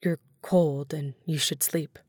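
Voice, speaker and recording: Woman reading as troubled male underworld god, breathy and subdued, lowish voice, dry sound. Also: fairly even intonation, moderate pace, a little mellow, dry recording. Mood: weary gentle. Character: huge troubled male god of the dead, tender.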